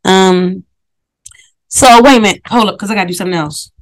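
A woman's voice: medium pitch, a little fast. A woman hosting her podcast in a casual, rambling monologue. She swears a lot, wanders off topic and talks straight to her listeners, with her mouth close to a phone microphone. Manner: profane, digressive, talks to listeners directly. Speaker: podcast host.

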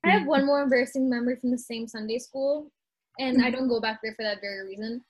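A woman's voice: on the high side, fast, slightly rough, rough recording. A young woman chatting over a video call, telling funny stories with giggles and animation. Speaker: student panelist. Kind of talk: casual chat, storytelling.

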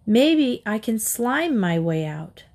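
A stubborn, impulsive young girl in a storybook who snaps at her friends, voiced by a woman. Her voice sits a little higher than the narration. Her lines come out sharp and impatient. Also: big pitch swings, takes it slowly, vocal fry, full character voice. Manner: sharp, snappish.

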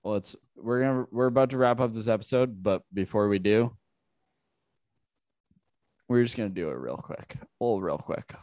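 A man's voice: on the low side, normal speed, pauses often, darkish tone, no echo. Laid-back young man co-hosting a podcast. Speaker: podcast co-host. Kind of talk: casual chat.

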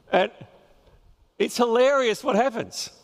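A man preaching a sermon, retelling a scripture story with lively storytelling and chuckles at his own jokes. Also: high voice, a little slow, in a large hall.

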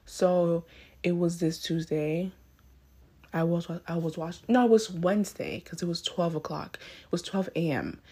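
A woman's voice: fairly low pitch, warm tone, breathy edge. A young woman in her late teens, hosting her own podcast and telling a story in a rambling, casual way, often correcting herself and asking "you know what I mean," recorded on a phone. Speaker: podcast host. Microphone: phone mic.

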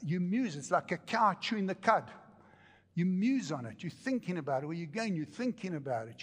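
A male pastor giving an animated, joking sermon with repeated phrases to a congregation. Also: high voice, fairly quick, big-room sound. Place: church hall with congregation.

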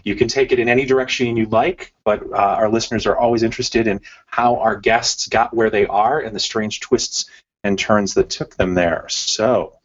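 A man's voice: fairly low pitch, fairly even intonation, moderate pace. Hesitant man asking interview questions. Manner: hesitant, filler-laden. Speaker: podcast co-host. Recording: slightly dull audio.

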